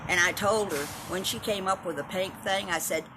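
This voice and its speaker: Broadcasting live from her home and yard, a Texan woman in her seventies chats casually at a normal speed in a medium-pitched voice. She's outspoken and profane, talking directly to viewers, and background noise can be heard.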